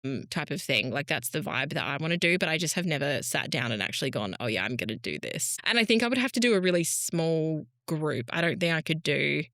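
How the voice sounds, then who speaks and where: Woman podcast co-host, casual and rambling, bright tone, dry sound. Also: low voice, animated, fairly quick, hardly any pauses, dry recording. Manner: rambling, self-correcting. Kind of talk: casual chat.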